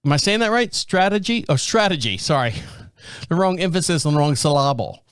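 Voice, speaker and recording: A man's voice: a little high, very animated, a little fast, smooth, dry recording, clean studio sound. A man hosting a podcast, chatting casually about the news, rambling and stumbling over names and words. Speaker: podcast host.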